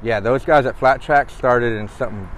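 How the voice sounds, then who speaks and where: A man, hosting a casual livestream chat in a relaxed, slangy way. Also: medium pitch, moderate pace, a little hiss or hum, poor audio. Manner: relaxed, laughs easily, slangy. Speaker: coffee shop owner and host.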